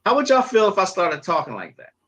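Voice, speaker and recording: A man's voice: high voice, huge pitch swings, fast talker, fairly bright tone. A man hosting a livestream, ranting casually and stressing his points through repetition, sometimes putting on mock-pompous jargon. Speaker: livestream host.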